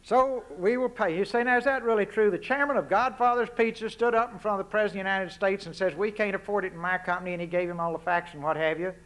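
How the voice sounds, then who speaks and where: A man's voice: high-pitched, quick pace, hardly any pauses, a bit bright. A man in his sixties with a Texan accent giving a folksy, punchy public address in a university lecture hall, firing off rhetorical questions. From Texas. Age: 60s. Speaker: public speaker.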